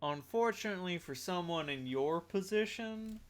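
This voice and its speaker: A man's voice: high-pitched, animated, moderate pace. A man running a tabletop game, speaking in character with a folksy, blunt drawl. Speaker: game master voicing a character. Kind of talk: in-character tabletop role-play.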